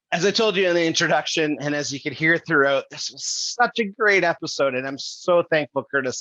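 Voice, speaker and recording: A man's voice: fairly high pitch, bright, forceful tone, dry recording. A man hosting a podcast, wrapping up the episode in an enthusiastic, effusively grateful way. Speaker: podcast host. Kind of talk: podcast outro. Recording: dull lo-fi dry sound.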